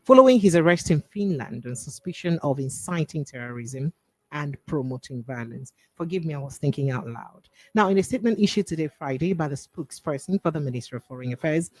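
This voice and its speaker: A woman's voice: deep voice, animated, a little fast, mellow, dry recording, low-quality recording. Woman hosting a political show. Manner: reads news items, then comments and thinks aloud. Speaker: host.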